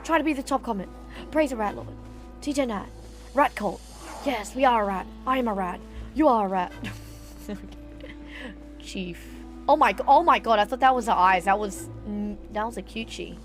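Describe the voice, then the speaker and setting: A woman, live-streaming a video game and chatting casually, animated, ranting and swearing freely. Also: on the high side, moderate pace, faint music behind. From Australia. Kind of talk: casual gaming stream chat.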